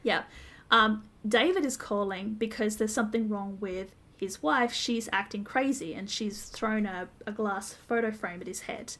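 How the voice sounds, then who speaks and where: A woman's voice: medium pitch, unhurried, hardly any pauses, a bit bright. Woman recapping a TV episode in detail. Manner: detailed, step-by-step retelling with frequent ums. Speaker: podcast co-host. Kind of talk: casual TV episode recap chat.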